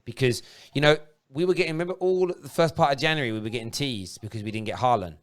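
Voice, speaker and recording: A man, hosting a casual football watchalong with animated, laughing banter. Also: mid-range voice, quick pace. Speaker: host of a football fan show. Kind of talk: casual live match watchalong chat.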